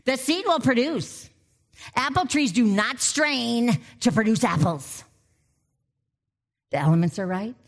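A woman preaching a sermon, emotional, swinging from loud exhortation to soft, intimate passages. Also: on the high side, lively intonation, unhurried, pauses often.

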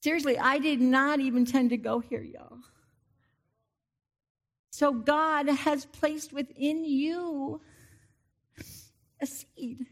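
A woman's voice: high voice, fairly even intonation, slow pace, pauses often. Emotional woman preaching a sermon. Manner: emotional, swings from loud exhortation to soft intimacy.

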